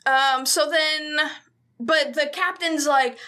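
A woman's voice: high-pitched, very animated, moderate pace, sharp tone. A woman co-hosting a podcast, recapping a movie in casual chat, swearing freely and acting out the characters. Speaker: podcast co-host.

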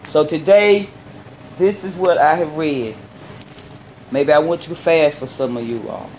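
A man preaching a sermon, reading scripture haltingly and then explaining it in plain, folksy words. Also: on the high side, darkish tone, slight background noise, poor audio.

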